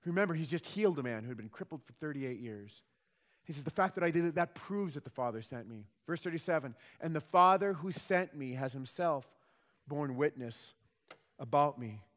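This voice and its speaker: A man's voice: on the high side, animated, moderate pace, a bit bright. A man preaching a sermon with emphatic delivery and rhetorical questions. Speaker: pastor. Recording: long hall reverb.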